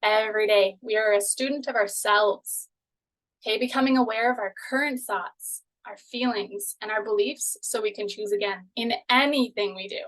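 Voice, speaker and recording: A woman's voice: mid-range voice, normal speed, fairly bright tone, rough recording. A woman leading a live online manifestation workshop, talking in a chatty, encouraging way full of "you know" and "okay". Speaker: manifestation coach.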